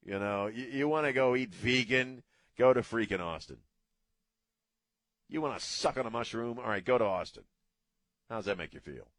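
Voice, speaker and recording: A man's voice: mid-range voice, normal speed, pauses often, a bit bright, no echo. A middle-aged man hosting a radio talk show, ranting bluntly in a casual way and cursing freely.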